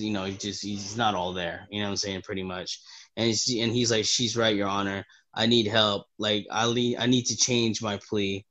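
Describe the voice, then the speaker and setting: A man co-hosting a comic book podcast, excitable and swearing often, acting out the characters' lines loudly. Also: medium pitch. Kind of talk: casual podcast chat.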